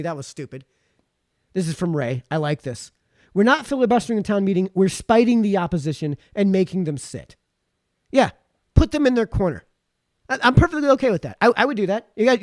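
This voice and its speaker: Reading viewers' comments aloud, a chatty man hosting a live stream rambles on between them in an animated way. His fairly high voice sounds sore after hours of talking, recorded close and dry without any echo.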